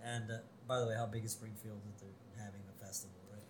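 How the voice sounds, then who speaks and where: A man co-hosting a podcast, casually recapping a cartoon episode and quoting its lines with quick laughs. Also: fairly low pitch, level tone. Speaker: podcast co-host. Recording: roomy echo.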